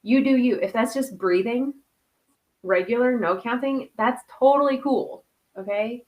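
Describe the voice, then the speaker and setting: A woman hosting a casual livestream who greets viewers by name, laughs often and leads a soft guided breathing meditation. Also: a little high, normal speed. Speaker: host.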